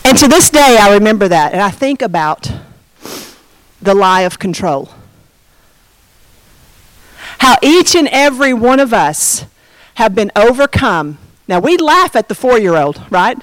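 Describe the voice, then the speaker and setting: In a fairly high-pitched voice, a middle-aged woman delivers a sermon by telling a personal story, with no echo on the audio. Her delivery is lively, marked by dramatic pauses in pace and quiet, hushed emphasis.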